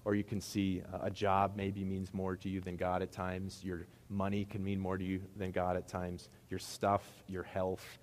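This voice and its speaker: A man's voice: deep voice, monotone, moderate pace, few pauses. A man with a Midwestern accent preaching a sermon to a congregation in a middle school hall, talking conversationally and asking them rhetorical questions. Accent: Midwestern American. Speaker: pastor.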